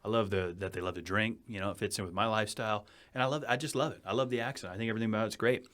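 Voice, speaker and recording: Fast-talking New England man, low voice. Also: fairly bright tone. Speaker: podcast host. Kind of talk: casual chat. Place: podcast studio. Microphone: studio microphone.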